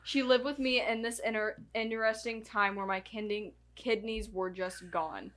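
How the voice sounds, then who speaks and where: A woman's voice: on the high side, fairly even intonation, normal speed, fairly bright tone. A woman co-hosting a casual podcast, reading notes aloud and tripping over names and dates. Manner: stumbles and restarts while reading names and dates. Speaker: podcast co-host.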